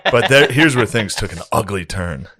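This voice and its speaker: Low-voiced man telling a comic story. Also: moderate pace. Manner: animated, jumps into high put-on voices for quotes. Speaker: podcast co-host. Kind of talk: comedic storytelling.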